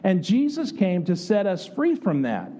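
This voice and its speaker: Male preacher from the United States; earnest, conversational sermon, warm low-edged tone, slightly high pitch. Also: huge pitch swings, a little slow. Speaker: pastor.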